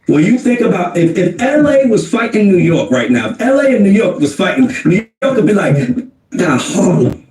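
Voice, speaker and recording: A man's voice: high-pitched, very animated, fairly quick, few pauses, darkish tone, recorded from a distance. A man arguing emphatically in a casual podcast debate, repeating his points for effect. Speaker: podcast co-host in played clip. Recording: roomy, off-mic podcast clip.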